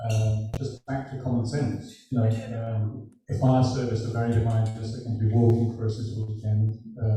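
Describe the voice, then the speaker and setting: An English man with a low, very dark voice talks in a flat, even tone, stopping often for ums and uhs. He is heard from a distance across a big echoing meeting hall. Faint music runs underneath. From England. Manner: halting, with many ums and uhs. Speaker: city council candidate. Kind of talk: informal speech at a club meeting. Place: meeting room. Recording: roomy hall, voice from far off the mic.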